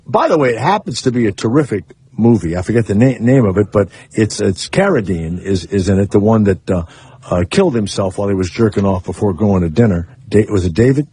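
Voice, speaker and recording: Husky, lively male radio host. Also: lowish voice, fairly quick, no echo. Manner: loose, rambling and crude, with trailing fillers and restarts. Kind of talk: casual on-air banter.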